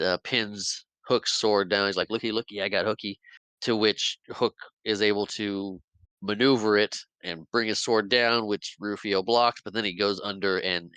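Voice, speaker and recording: A man's voice: lowish voice, bright, forceful tone, smooth, no room sound, rough recording. A man casually recapping a film scene by scene on a podcast, rambling a bit and laughing often. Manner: rambling play-by-play retelling, acts out quotes, laughs often. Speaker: podcast host.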